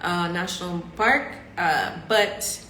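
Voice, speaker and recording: A woman, hosting a casual live-stream chat in an expressive, chatty way with frequent laughter. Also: lowish voice, takes it slowly. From Southern United States. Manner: chatty and expressive, laughs often, acts out other people's lines. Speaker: podcast host. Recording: echoey room with faint background hum.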